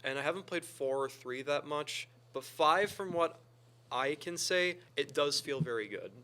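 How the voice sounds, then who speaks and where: A man's voice: on the high side, animated, normal speed, sharp tone. A young man chatting casually as a podcast co-host, talkative and opinionated. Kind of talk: casual chat.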